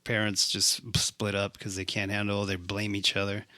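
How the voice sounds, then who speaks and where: A man's voice: on the low side, completely flat delivery, moderate pace, bright, forceful tone, no room sound, studio quality. A man co-hosting a casual movie recap chat, swearing freely and acting out the characters' lines. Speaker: podcast co-host.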